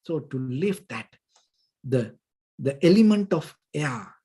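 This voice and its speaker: A man, a Buddhist monk, giving a dhamma talk, halting and searching for words, often saying "you know", with gentle, patient explanation. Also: medium pitch, lively intonation, slightly rough. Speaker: Buddhist monk teaching meditation.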